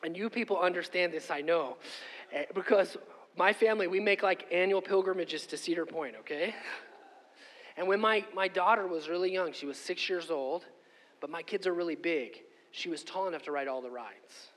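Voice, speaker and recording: A middle-aged man preaching a sermon and telling a personal story, conversational and animated, often asking "okay?". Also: high voice, normal speed. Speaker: pastor. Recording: long hall reverb.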